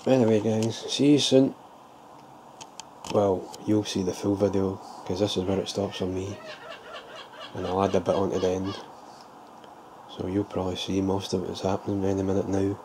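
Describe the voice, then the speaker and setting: A man's voice: deep voice, level tone, normal speed, pauses often, mellow. A man casually showing his homemade model trailer build, thinking aloud with loose restarts. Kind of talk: casual show-and-tell vlog. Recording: clear background ambience noise.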